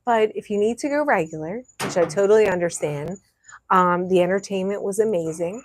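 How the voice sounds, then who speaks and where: A woman hosts a casual cruise vlog, chatting in a teasing, exclamatory way. Her voice sits at an ordinary middle pitch. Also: a little fast, slight background noise. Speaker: cruise vlogger. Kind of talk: casual chat.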